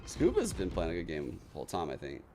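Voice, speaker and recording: A man's voice: sits low, quick pace, a loud crowd. A man co-streaming an esports match, reacting with hyped, profane casual commentary. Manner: excitable, swears often, hyped reactions. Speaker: watch party co-streamer.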